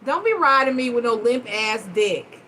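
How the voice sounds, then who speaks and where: A woman hosting a live-stream chat, telling stories in a blunt, profane, animated way. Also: a little high, normal speed, a little hiss or hum, rough recording. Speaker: host.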